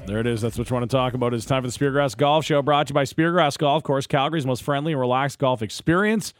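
A man's voice: medium pitch, fast, dry recording, clean studio sound, soft background music. A man co-hosting a sports radio show, chatty and enthusiastic, introducing segments and callers. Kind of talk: casual sports radio banter.

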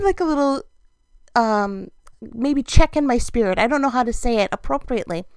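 Middle-aged woman, high voice, dry close mic, chatty and self-deprecating with easy laughs. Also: no echo. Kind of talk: casual storytelling monologue.

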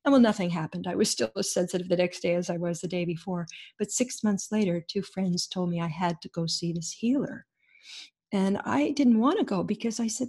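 A woman being interviewed who tells her own story earnestly. She talks in an animated way and acts out the voices of people in it. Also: medium pitch, moderate pace, husky. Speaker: interview guest.

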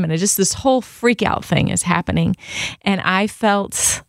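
A woman, the wife of a pastor, telling a personal faith story in a casual, animated way and acting out her own thoughts. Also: medium pitch, moderate pace, gravelly, no room sound, clean studio sound. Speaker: podcast co-host, pastor's wife.

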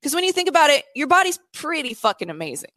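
A woman's voice: sits high, very animated, fast, sharp tone, no echo. Woman podcast co-host, frank and profane, dry close mic. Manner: blunt, swears a lot. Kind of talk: casual chat. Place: indoors at co-host's house.

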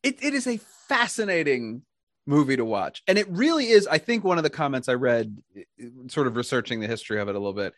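An American podcast host chatting casually with a voice that leaps up and down, quick to laugh and full of restarts. The sound is close and dry, with no room around it. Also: mid-range voice, no echo. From United States. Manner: animated, laughs often, trails off and restarts. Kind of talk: casual chat.

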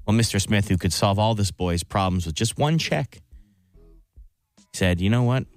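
Deep-voiced man telling a long joke. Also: animated, a little slow, no echo. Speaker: radio show co-host.

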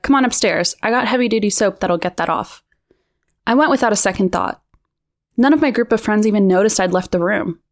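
Female narrator, mid pitch, tense intimate read of a true story.

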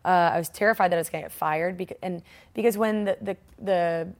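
A woman guest in an interview, telling a personal story in a lively, candid way and laughing now and then as she talks. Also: on the low side, fast. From United States.

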